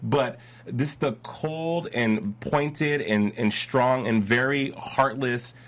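A man hosting a casual TV recap podcast, animated and teasing, who often stops and restarts his sentences. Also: medium pitch, slow pace. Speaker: podcast host.

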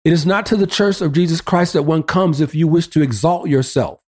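A man's voice: on the high side, a little fast, darkish tone. A man delivers an emphatic, preacher-style argument in a somewhat raised voice. He cites verse after verse in a driving, repetitive cadence and punctuates it with rhetorical questions. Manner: emphatic, quoting scripture references. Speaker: pastor guest. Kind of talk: preaching on a radio show.

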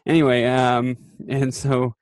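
A man's voice: medium pitch, flat delivery, slow pace, no room sound. A man in casual podcast chat, recapping a TV episode in a rambling way, with lots of fillers and quoted lines acted out. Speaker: podcast co-host.

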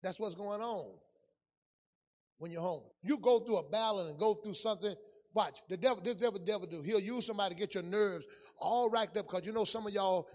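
A man preaching a sermon, talking in a loose, conversational way that swings between loud outbursts and hushed asides. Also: high-pitched, a little fast, long reverb tail. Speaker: pastor.

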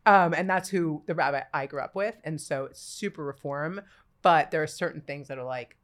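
A woman in her forties, a podcast guest telling her story in casual chat, animated and full of acted-out quotes and laughter. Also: sits low, moderate pace.

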